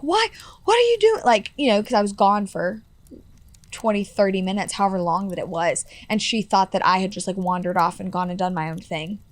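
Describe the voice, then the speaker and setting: A woman in her twenties telling a personal story as a podcast guest, earnest and full of fillers like "like" and "you know". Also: medium pitch. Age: 20s.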